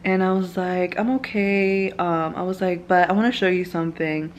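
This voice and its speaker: A woman's voice: on the low side, steady tone, moderate pace, lo-fi sound, slight background noise. A young woman vlogging at home, telling a personal story in casual chat full of "like" fillers. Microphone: camera mic, filming herself.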